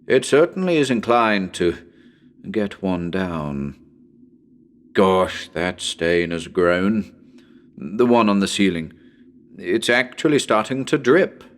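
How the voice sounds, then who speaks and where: A man narrating a haunted house horror story as a dramatic performance, talking chattily to listeners with sudden shouted calls. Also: low voice, lively intonation, takes it slowly, pauses often.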